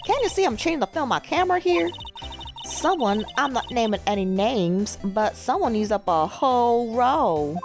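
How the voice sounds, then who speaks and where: A woman's voice: a little high, sing-song, moderate pace, faint music behind, voice pushed up. A woman voicing a brash young country photographer with a put-on American Southern drawl, folksy and teasing.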